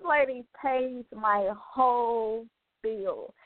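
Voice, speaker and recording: A woman's voice: a little high, slow, no echo. A woman radio host telling a personal testimony in a heartfelt, chatty way, full of "you know" asides. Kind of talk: personal testimony, casual talk. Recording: narrow phone-like sound, dry.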